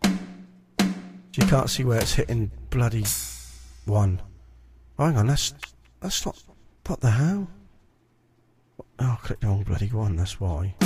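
Man, lowish voice, mumbling test words over his mic, drums and music clear in background. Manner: muttering to himself, repeating words while testing sound. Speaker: streamer tuning his mic and EQ. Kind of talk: casual live-stream chat.

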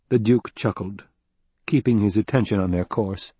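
A man narrating an audiobook in a steady, even-toned way. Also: lowish voice, normal speed, breathy edge, no echo. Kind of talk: scripted narration.

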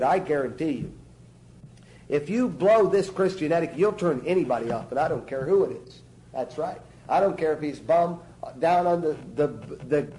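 High-voiced, mellow emphatic preacher man. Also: poor audio. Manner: emphatic, folksy, keeps asking "see?". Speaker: preacher teaching a church class. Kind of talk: spoken church teaching.

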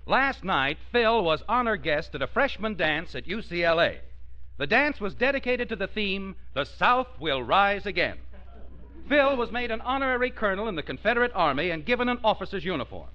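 A man's voice: high voice, a little fast, faint music behind. A man announcing a radio comedy in a scripted delivery. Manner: lively, bright announcing delivery. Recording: dull vintage radio broadcast.

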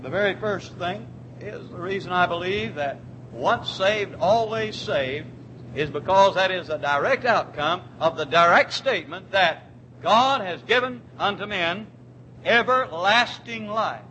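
A man preaching a sermon, who repeats his key words for emphasis and slows down when quoting scripture. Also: sits high, expressive, sharp tone, a little hiss or hum, poor audio. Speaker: pastor.

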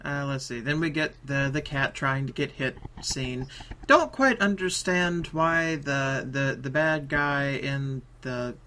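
A man's voice: medium pitch, takes it slowly, pushed and bright, a little hiss or hum. A man co-hosting a casual podcast, rambling between points and joking about accents. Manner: rambling, laughs, hams up mock accents. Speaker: podcast co-host. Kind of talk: casual chat.

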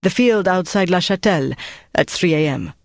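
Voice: medium pitch, expressive, normal speed, no echo, natural voice. A captured french resistance man, put on by the narrator, voice jumping way up when he gets worked up, dry close sound, audiobook scene. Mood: broken. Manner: swings from defiant to pleading. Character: desperate male French resistance prisoner.

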